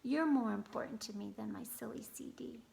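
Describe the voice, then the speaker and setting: A little girl's voice, pitched high and bursting out in shrill cries, as a woman puts her on. Under it runs a strong gravelly rasp. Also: moderate pace, a little mellow. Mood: remorseful. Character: young girl, excitable then remorseful.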